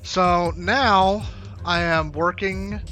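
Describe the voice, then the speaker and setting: A male speedrunner chats through his run in a slow, rambling way, full of fillers. His voice is bright and a little high, and faint game music plays behind him. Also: fairly even intonation. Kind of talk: casual gameplay commentary.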